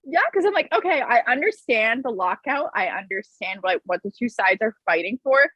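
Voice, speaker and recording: A woman's voice: a little high, expressive, moderate pace, bright, forceful tone, slightly rough, dry recording, dull audio. A woman co-hosting a podcast in casual sports chat, blunt and profane, often breaking into laughter. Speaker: podcast co-host.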